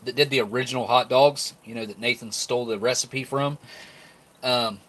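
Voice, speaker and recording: A man's voice: medium pitch, steady tone, moderate pace, a bit bright. Easygoing man rambling through a tasting. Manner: rambling, talks while chewing; easygoing, laughs often. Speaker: live-stream food reviewer. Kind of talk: casual live-stream tasting chat.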